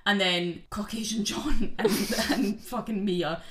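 A woman's voice: mid-range voice, takes it slowly, noisy background. A young woman co-hosting a casual podcast, chatting and swearing as she retells a film with mocking put-on voices. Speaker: podcast co-host. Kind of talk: casual chat.

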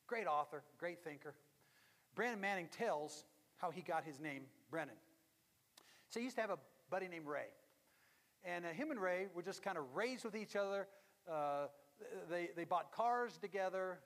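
Speaking at a moderate pace, a pastor with a light, high voice delivers a storytelling sermon in a church sanctuary. He is dramatic, sinking into hushed tones to stress key moments, while the big hall gives his words a long, ringing reverb.

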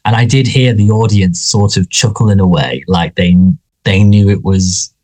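A man's voice: lowish voice, normal speed, a little mellow. A man co-hosting a podcast, chatting casually and rambling with lots of restarts. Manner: rambling, frequent restarts and fillers. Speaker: podcast co-host. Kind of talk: casual chat about a sitcom.

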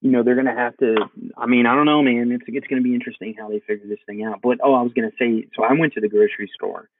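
A man's voice: medium pitch, steady tone, rapid-fire, background noise. Laid-back man on a tinny line. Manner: laid-back, chuckling, says "man" and "dude". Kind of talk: casual podcast chat.

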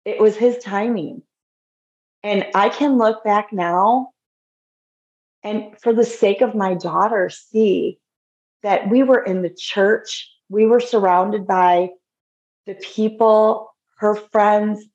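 A woman in her fifties tells a personal story in a relaxed, conversational way. Her speech is lively and packed with casual fillers. The recording sounds dull and lo-fi. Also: mid-range voice, takes it slowly. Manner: lively storyteller, many fillers like "like" and "you know". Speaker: podcast guest.

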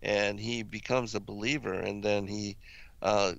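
A man discussing ancient religious texts in casual conversation, halting often with fillers and restarts. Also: fairly low pitch, fairly even intonation, creaky, a bit bright, dry recording, muffled recording.

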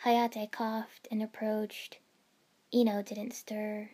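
A woman reading a first-person fan fiction story aloud in a steady storytelling manner. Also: medium pitch, takes it slowly. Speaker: narrator.

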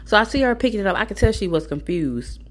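A woman's voice: mid-range voice, expressive, fast. A woman in a casual storytelling monologue, giving blunt, profane, preachy advice to mothers.

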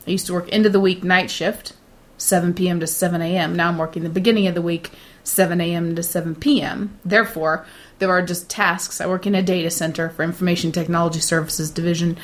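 A middle-aged woman talks in a relaxed, blunt way, sure of herself and unbothered. When she quotes nervous coworkers, she slips into mocking put-on voices. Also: fairly low pitch, fast. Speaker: data center shift supervisor. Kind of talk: casual chat.

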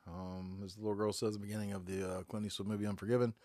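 Level in tone and racing along, a fairly low, slightly mellow male voice carries this casual solo podcast monologue, with no room sound. The host, a man in his 40s from North Carolina, is stuffed up with a head cold and rambles glumly, cursing heavily. He records on his phone in a back bedroom at home.

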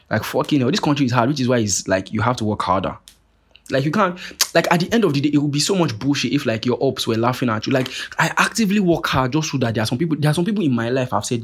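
A young man hosting a podcast, talking in a rambling, profane, animated monologue full of restarts. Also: mid-range voice, fast, slightly rough. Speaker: podcast host. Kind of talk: casual monologue rant.

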